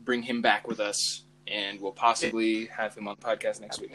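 A young man co-hosting a podcast, teasing his friends with deadpan jokes. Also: fairly low pitch, moderate pace, a little hiss or hum, rough recording. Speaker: podcast co-host. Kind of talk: casual chat.

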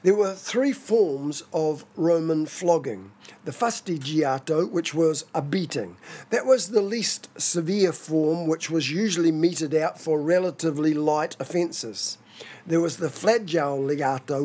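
A man preaching a sermon in a measured, expository way. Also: a little high, warm tone, husky. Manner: measured, expository, dramatizes quoted scripture.

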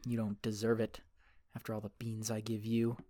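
A man's voice: lowish voice, monotone, moderate pace, mellow. A man narrating a scripted survival story in character, playful and chatty as he talks to his dog and reads out fun facts.

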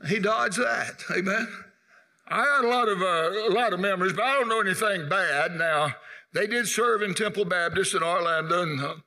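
A man's voice: high-pitched, normal speed, sharp tone. An older man, telling humorous stories in a church tribute, punctuated with amens. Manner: folksy anecdotes with amens. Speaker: guest speaker at a church anniversary. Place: church sanctuary. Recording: echoey church hall.

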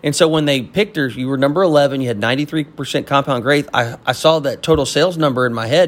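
A young man from Texas, a business owner, telling a story in a casual, animated way and acting out the people he quotes. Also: fairly high pitch, a little fast. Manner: animated, acts out quoted voices.

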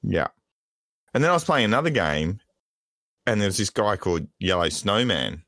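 A man's voice: on the low side, very animated, normal speed, fairly bright tone, no echo. A man voicing a crude, joking Aussie bloke calling in from Tasmania, with a put-on Australian accent that slips, in a comic podcast bit.

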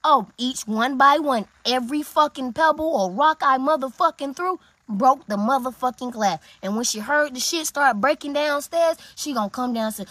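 A young woman telling a heated story in a rant, swearing often and breaking into loud outbursts. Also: sits high, normal speed, no echo.

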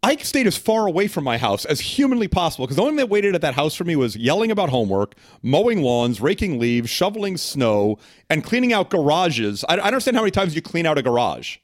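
A man's voice: a little high, very animated, no room sound, studio quality. A middle-aged man from New York, a podcast guest telling joking stories in casual conversation. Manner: fast, joking storyteller. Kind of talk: casual interview.

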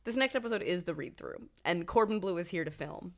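Lower-voiced woman cohosting a podcast, quick casual recap, laughing here and there. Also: lively intonation. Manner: laughs often, quick summarizing. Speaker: podcast co-host.

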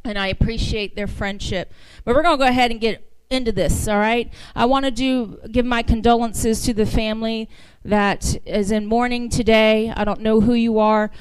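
A woman's voice: a little high, fairly even intonation, moderate pace, clear, resonant tone, dry recording, low-quality recording. Fervent Southern woman preaching from a pulpit. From American South. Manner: conversational, rising to fervent exhortation. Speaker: guest speaker. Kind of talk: church sermon. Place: church sanctuary.

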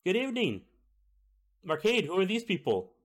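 A man's voice: huge pitch swings, normal speed, exaggerated voice. A man voicing a friendly, flustered middle-aged female cook in a tabletop game, in a raised, stammering voice. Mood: surprised. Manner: high fluttery stammering voice.

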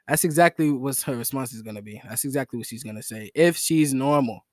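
A man's voice: medium pitch, fairly quick, a little mellow, no echo, clean studio sound. A young man hosting a solo podcast in a rambling, slangy, self-mocking, joking way. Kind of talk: casual joking monologue.

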